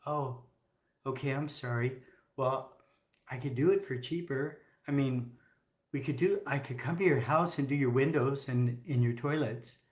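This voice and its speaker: A man voicing a timid male doctor who talks softly and apologetically. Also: medium pitch, measured pace, echoey room, close to an everyday voice. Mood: sheepish.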